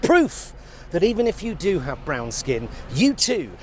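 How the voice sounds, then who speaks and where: A grumpy, scathing political pundit fires off a ranting list of cutting insults in a satirical TV monologue. His voice sits high for a man. A faint hiss of noise runs underneath. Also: very animated, measured pace, darkish tone.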